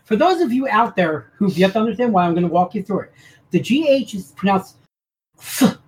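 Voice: medium pitch, big pitch swings, fast, low-quality recording. A podcast co-host in casual chat, playful and laughing a lot. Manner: playful, enthusiastic about word trivia, laughs a lot.

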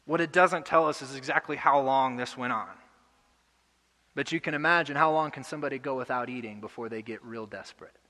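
A young adult man preaching a sermon earnestly, building to loud emotional peaks. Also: medium pitch, a little fast, big-room sound. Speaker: pastor. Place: church hall.

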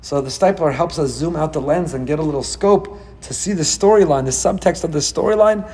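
A man teaching a Torah class, animated, asking dramatic rhetorical questions and swinging between loud emphasis and hushed asides. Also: on the high side, a little fast, few pauses, slight background noise.

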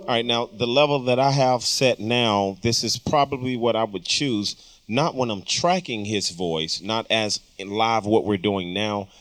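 A man's voice: lowish voice, measured pace, hardly any pauses, a bit bright, no room sound. A man teaching vocal compression in a recording studio, explaining casually with frequent ums. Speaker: audio engineering instructor. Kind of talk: studio tutorial talk.

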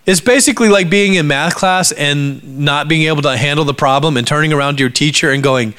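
A middle-aged male pastor preaching a sermon to his church, jokey and animated, jumping between loud outbursts and hushed asides. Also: a little high, a little fast, hardly any pauses, clean tone. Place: church sanctuary before a congregation.

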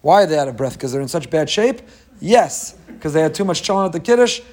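Animated man giving a Torah class. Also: fast. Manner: animated, acts out quoted voices with rising pitch. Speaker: rabbi.

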